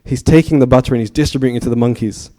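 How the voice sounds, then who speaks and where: A warm, mid-range male voice races along as a man in his thirties gives a storytelling sermon at a temple. He's chatty and keeps asking the audience questions.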